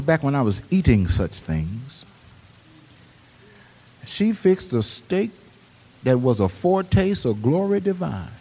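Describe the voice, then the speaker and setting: Lively man preaching in a reverberant hall. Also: on the low side. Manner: preaching, swings from hushed storytelling to loud exhortation. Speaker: pastor. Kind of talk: sermon. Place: church.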